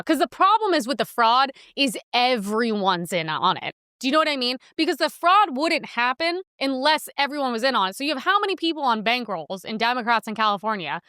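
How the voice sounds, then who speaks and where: A woman's voice: on the high side, big pitch swings, brisk, few pauses, pushed and bright, smooth, dry recording, studio quality. A young woman hosting a podcast, talking casually and sarcastically about the news, with frequent laughs. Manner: chatty, sarcastic, laughs often. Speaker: podcast host. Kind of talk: casual political commentary.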